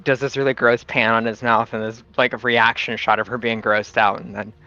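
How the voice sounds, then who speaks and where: A player in a live tabletop game, chatty and quick to giggle while describing the scene. Their mic sounds dull and dry, with no room around the voice. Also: mid-range voice, little pitch movement, bright, forceful tone, no room sound, soft background music. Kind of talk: casual table talk.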